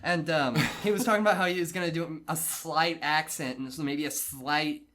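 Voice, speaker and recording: A man's voice: fairly high pitch, steady tone, normal speed, pushed and bright. A young man co-hosting a podcast in casual chat, teasing his friend and laughing often. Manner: teasing, laughs a lot, admits nerves. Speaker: podcast co-host.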